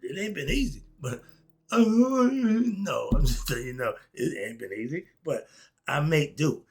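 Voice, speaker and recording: An older man talking casually and emphatically in a monologue, with laughing asides, swinging between loud and soft. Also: on the high side, lively intonation, a little slow, breathy edge. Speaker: commentator.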